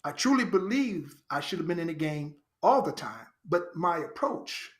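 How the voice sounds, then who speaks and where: A man from Chicago, a podcast guest, telling his life story in an earnest, animated way and repeating phrases for emphasis. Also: on the high side, normal speed. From Chicago, United States. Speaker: podcast guest, actor and writer. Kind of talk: reflective personal storytelling.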